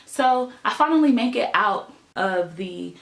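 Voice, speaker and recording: A woman's voice: mid-range voice, unhurried, reverberant. A young woman, telling a personal story in casual vlog style with lots of emphasis and filler words. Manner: animated, emphatic storytelling with many "like" and "right?" fillers.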